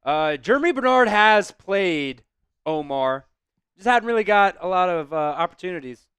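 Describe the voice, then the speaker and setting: A man hosting a live stream, chatting with viewers and shouting excited play-by-play football calls. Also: sits high, moderate pace, clear, resonant tone, no room sound.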